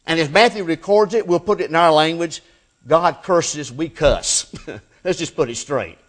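A man preaching a sermon, swinging between loud emphatic peaks and hushed, low endings, and reading scripture aloud. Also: a little slow.

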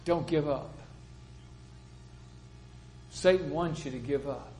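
Older male preacher, slightly high-pitched, folksy storytelling sermon delivery. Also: slow, a little hiss or hum, rough recording. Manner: plain-spoken storytelling preacher, quotes people in lively voices.

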